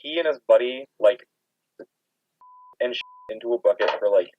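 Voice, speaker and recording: A man's voice: medium pitch, normal speed, slight background noise. Casting: young male podcast co-host, wry and easygoing, heard through a dull lo-fi mic. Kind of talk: casual chat.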